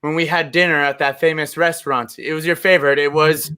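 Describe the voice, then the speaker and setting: A man's voice: on the high side, fairly even intonation, a little fast, pushed and bright, clean tone. A man voicing a lovesick would-be European romancer in a put-on vague European accent, delivering a hammy improvised love letter. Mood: swooning. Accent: put-on non-specific European accent. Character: lovesick male European-ish romancer writing a sexy letter.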